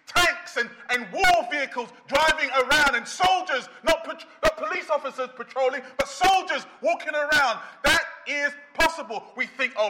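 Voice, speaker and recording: A man preaching a sermon, impassioned and emphatic, breaking into loud bursts. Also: very high voice, rough recording.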